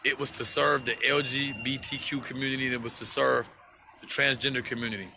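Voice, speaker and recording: A man's voice: mid-range voice, level tone, brisk, vocal fry, bright, forceful tone, a little hiss or hum. A man on a livestream, speaking to his viewers in an impassioned, profane rant and repeating himself for emphasis.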